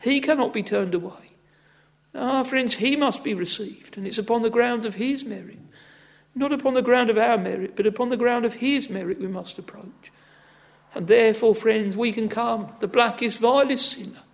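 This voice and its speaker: Male preacher with a strikingly high, fry-tinged voice, earnest and exhorting in the pulpit. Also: moderate pace. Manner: earnest, exhorting, with frequent "ah, friends" and "oh". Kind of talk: sermon.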